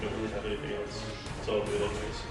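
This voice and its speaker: A man playing a tabletop game, declaring his moves hesitantly and checking them with the table. His voice rings in a very echoey room, far from the mic. Loud music sits behind him. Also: fairly low pitch, monotone, rapid-fire. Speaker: player. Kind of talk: casual tabletop play.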